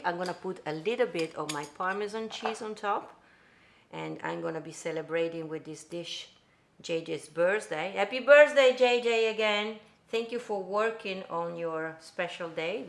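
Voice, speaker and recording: A woman's voice: fairly low pitch, gravelly, background noise. An Italian woman with an Italian accent, hosting a live-streamed cooking show from her home kitchen, chatting and greeting viewers by name in loose English. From Italy. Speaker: host.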